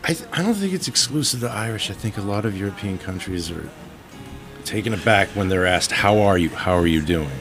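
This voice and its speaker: A man in a casual podcast chat, speaking in a measured, explanatory way. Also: low voice, animated, music in the background.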